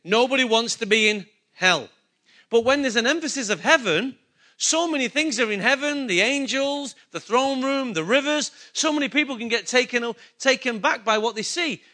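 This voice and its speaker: A man's voice: extremely high pitch, expressive, normal speed, bright, forceful tone. A male pastor preaching a sermon, emphatic and full of rhetorical questions to his congregation.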